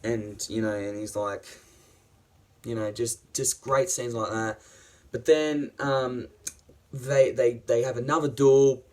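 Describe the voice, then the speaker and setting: A man's voice: medium pitch, steady tone, takes it slowly. A man reviewing a series in a casual, enthusiastic, rambling way, swearing often and using many fillers.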